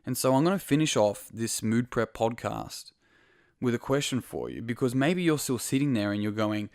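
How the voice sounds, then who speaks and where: A man's voice: mid-range voice, expressive, normal speed, creaky, a little mellow, no echo, clean studio sound. A man hosting a podcast, talking straight to the listener in a casual, earnest motivational monologue full of swearing. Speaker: podcast host.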